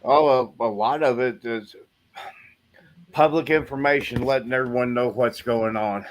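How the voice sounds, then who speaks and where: A man's voice: mid-range voice, moderate pace. A man who serves on a city council, telling his experiences in a wry, matter-of-fact way during a casual panel discussion.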